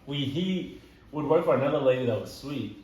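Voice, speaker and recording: A young man tells stories in easy conversation, getting animated and laughing at his own tales. His voice sits in the middle of the male range. The mic is well away from him, so the sound is roomy and echoing, with a faint hiss underneath. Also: medium pitch, normal speed. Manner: animated, laughs while telling stories, many "like" and "dude" fillers. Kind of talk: casual storytelling conversation. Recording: echoey room, voice from some distance.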